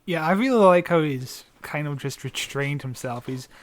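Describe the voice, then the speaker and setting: A man's voice: fairly high pitch, normal speed. A man co-hosting a podcast, joking and giggling in casual chat. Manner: jokey, giggly, self-mocking. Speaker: podcast co-host.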